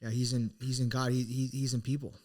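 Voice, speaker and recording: Fairly quick and darkish in tone, a middle-aged man with a medium pitch and little pitch variation co-hosts a podcast. He earnestly tells a personal story in a casual, musing way, with frequent restarts.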